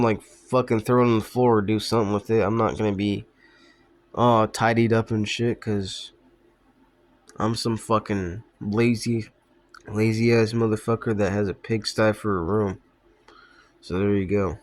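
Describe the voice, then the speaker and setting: A man's voice: lowish voice, steady tone, normal speed. Profane rambling young man. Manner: profane, offhand, laughs at his own stories. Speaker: vlogger. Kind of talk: rambling casual storytelling.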